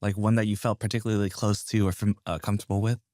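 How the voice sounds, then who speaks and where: A man hosting a podcast interview, asking questions in a soft-spoken, hesitant way. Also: fairly low pitch, flat delivery, fast talker, no room sound, clean studio sound. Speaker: podcast host.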